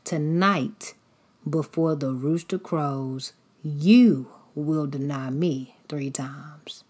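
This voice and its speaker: A woman voicing Jesus in a whispered role-play, foretelling in a slow, solemn whisper. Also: deep voice, darkish tone. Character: Jesus, a calm man foretelling softly.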